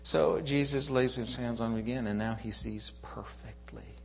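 A man preaches a sermon in a church, retelling stories with animated shifts from booming to hushed. His voice sits in a middle register. A long hall reverb hangs on his words. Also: normal speed, creaky, slight background noise. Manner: animated storytelling, swinging from loud to hushed. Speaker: pastor.

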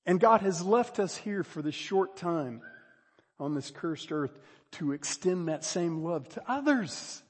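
Preaching man, hushed to booming. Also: expressive, a little slow, husky, long reverb tail. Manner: dynamic preaching, swings from hushed to loud emphasis. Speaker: pastor. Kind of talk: sermon.

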